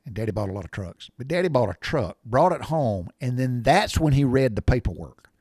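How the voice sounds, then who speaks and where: A man's voice: mid-range voice, very animated, brisk, a little mellow, no room sound, studio quality. Folksy middle-aged man, rambling. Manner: folksy, blunt, salty language. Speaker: podcast host. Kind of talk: rambling storytelling monologue.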